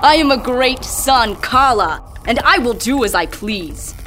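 Arrogant male sun voiced by a woman, boastful, slow, strong. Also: on the high side, expressive, a bit bright, a little hiss or hum.

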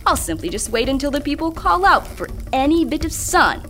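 Arrogant male sun voiced by a woman, boastful, slow, strong. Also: high voice, big pitch swings, fairly bright tone, soft background music, voice pushed up.

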